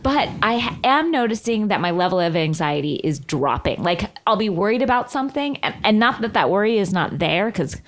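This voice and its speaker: A woman's voice: mid-range voice, big pitch swings, a little fast, hardly any pauses. A woman in her thirties co-hosting a podcast, chatting casually, rambling with lots of "like"s and frequent laughs. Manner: laughs often, rambling with many "like"s. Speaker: podcast co-host. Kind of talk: casual chat.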